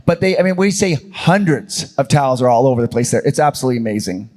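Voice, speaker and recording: A man hosting a convention panel, telling stories in a chatty, animated way. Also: mid-range voice, quick pace. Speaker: panel host and channel creator. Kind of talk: casual storytelling on a convention panel.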